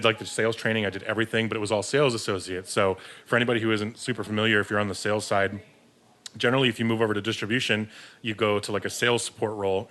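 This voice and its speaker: A man's voice: fairly low pitch, bright, forceful tone. A man, a podcast guest who works in beer distribution, telling a rambling story in casual chat, swearing freely and laughing at himself.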